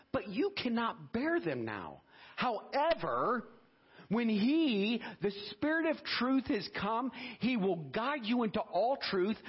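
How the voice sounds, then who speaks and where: A man preaching a fervent, animated sermon as pastor, reading scripture and exclaiming praise. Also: high voice, husky, highs cut off.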